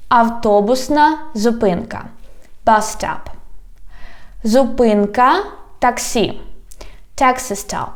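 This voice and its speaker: Very slow-speaking woman teacher. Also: fairly high pitch, darkish tone. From Ukraine. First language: Ukrainian. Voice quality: slightly impeded pronunciation from braces. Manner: slow, deliberate, repeats words syllable by syllable. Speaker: language teacher. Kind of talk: video language lesson.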